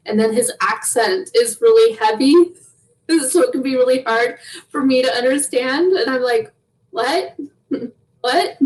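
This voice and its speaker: A young woman chats easily as an interview guest. Her voice sits a little high, and she laughs often between phrases as she tells her stories. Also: darkish tone, distant mic, poor audio. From Canada. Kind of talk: casual interview chat.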